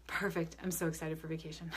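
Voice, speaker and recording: A woman's voice: low voice, flat delivery, fast talker, husky. A young adult woman medium hosting a live stream, talking to viewers through a phone or webcam. She is upbeat and chatty, reads comments aloud and answers them, with plenty of fillers and restarts. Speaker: medium and spiritual advisor. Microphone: phone or webcam on a live video stream.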